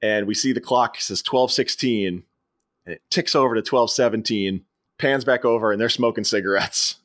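A man's voice: fairly low pitch, moderate pace, fairly bright tone. Podcast guy rambling thru a movie recap, amused, casual. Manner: rambling, amused retelling of scenes. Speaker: podcast co-host.

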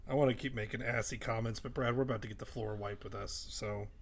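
A man's voice: lowish voice, fairly even intonation, quick pace, crowd noise. A man playing a tabletop game, joking around and stumbling over restarts. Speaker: player. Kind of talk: casual tabletop game chat.

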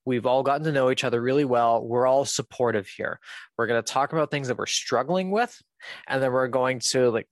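A man as a podcast guest, telling a personal story in a candid, casual way, laughing often and filling pauses with "um". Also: mid-range voice, no echo.

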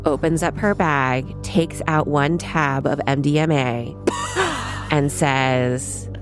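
A woman playing a tabletop game, telling her character's actions in an expressive, comic way. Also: sits low, slow pace, over music. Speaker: player. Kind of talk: casual tabletop play.

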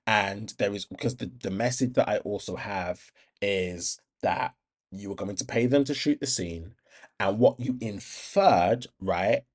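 A man's voice: fairly low pitch, measured pace. A young man hosting a podcast, giving a blunt, impassioned monologue with frequent swearing, restarts and ums. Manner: rambling with many restarts and ums. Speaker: podcast host.

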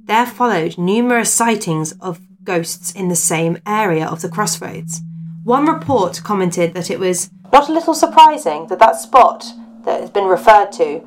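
A woman co-hosts a relaxed podcast, reading spooky old tales with dramatic stress on key words. She drifts easily into chat and giggles, her pitch sitting in a middle register. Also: moderate pace, slight background noise. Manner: chatty, giggly, reads with dramatic emphasis. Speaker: podcast co-host. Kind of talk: casual chat, reading ghost stories aloud.

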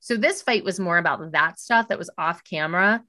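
A middle-aged woman with a bright, forceful voice chats casually as a co-host. She tells stories bluntly and animatedly and acts out the lines of people she quotes. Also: on the low side, normal speed. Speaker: podcast co-host. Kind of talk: casual recap chat.

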